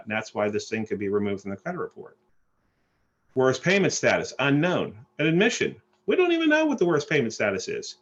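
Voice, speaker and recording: A man giving an animated sales presentation on a group call, often repeating and restarting phrases. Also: medium pitch, highs cut off. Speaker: credit repair presenter. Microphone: phone or call line.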